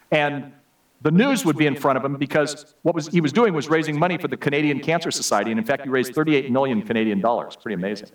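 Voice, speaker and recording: A man's voice: mid-range voice, recorded from a distance, low-quality recording. Conversational male preacher heard from afar. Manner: conversational storytelling with many asides. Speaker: guest preacher. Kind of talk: sermon. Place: church.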